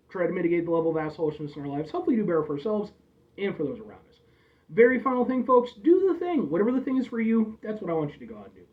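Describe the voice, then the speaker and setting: Chatty man, lively, slightly off-mic. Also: high voice, far from the mic. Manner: chatty, rambling, calls viewers "folks". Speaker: host reviewing drinks. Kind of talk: casual review vlog. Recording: dull lo-fi audio, a bit off-mic.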